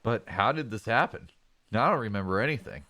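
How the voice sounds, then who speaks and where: A man voicing a confused young Riolu hero in a game, speaking hesitantly in a lower voice. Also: lively intonation, a little fast, sharp tone, dry recording.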